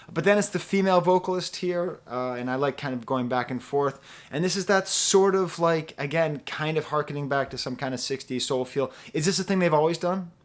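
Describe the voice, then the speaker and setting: A man's voice: fairly high pitch, fairly bright tone. A middle-aged man from the US East Coast giving a casual album review, rambling through jokes and humming the melodies. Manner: rambling, joking asides, hums melodies. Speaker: music reviewer.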